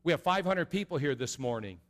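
A middle-aged man preaching an earnest sermon as a pastor, going from soft and low to loud and high. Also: lively intonation, brisk. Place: large church sanctuary. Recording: long reverb of a large hall.

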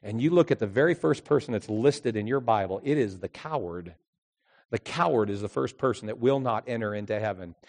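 A youth pastor preaching a sermon in story form, animated, moving between loud emphasis and hushed earnest passages. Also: male voice, lowish voice, fairly quick.

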